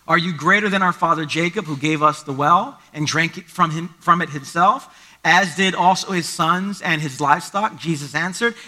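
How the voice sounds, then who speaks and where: High, sharp-toned man preaching a sermon. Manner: reads scripture then preaches with everyday comparisons. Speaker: pastor. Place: church service.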